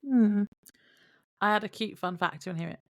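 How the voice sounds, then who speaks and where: A woman's voice: mid-range voice, brisk. A woman co-hosting a podcast, summarizing episode events from her notes with wry asides. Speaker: podcast co-host. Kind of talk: casual podcast chat.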